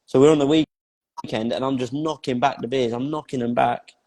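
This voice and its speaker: A man, a life coach being interviewed, recounts his story in a blunt, plain-spoken way, swearing freely and hammering points home through repetition. His voice sits at an ordinary male pitch, and a long reverb tail hangs after each phrase as if he is in a large, hard room. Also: steady tone, moderate pace, a little mellow.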